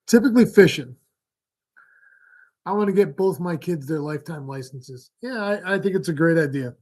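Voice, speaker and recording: Middle-aged guy rambling on a fishing stream, pitched a bit high, lots of ums and easy laughs. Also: normal speed. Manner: relaxed rambling storyteller with frequent fillers and laughs. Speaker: fishing show host. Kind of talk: casual live-stream chat.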